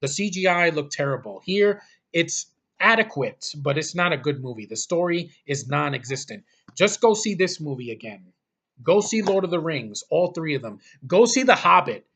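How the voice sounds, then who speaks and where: A man with a somewhat high voice delivers a casual, exasperated rant. He is blunt and profane, and he rambles, restarting his sentences as he talks. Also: big pitch swings, normal speed, fairly bright tone. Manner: exasperated, blunt, repeats "freaking" and swears. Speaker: movie reviewer.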